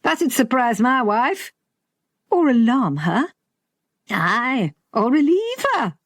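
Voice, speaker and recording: A blunt older Yorkshire man who teases and speaks plainly, put on by a woman reading the story. The delivery is slow and a little husky. It sounds close and dry. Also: on the high side, big pitch swings, no echo, pitched above the performer's own voice, exaggerated voice. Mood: teasing. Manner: bluff, teasing, plain-spoken.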